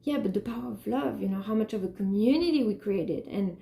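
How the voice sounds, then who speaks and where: A woman's voice: mid-range voice, brisk, creaky, dark tone. Rambling, emotional woman in an echoey room. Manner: rambling, emotional, many restarts and "like". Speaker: artist talking about her work. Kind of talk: unscripted personal monologue.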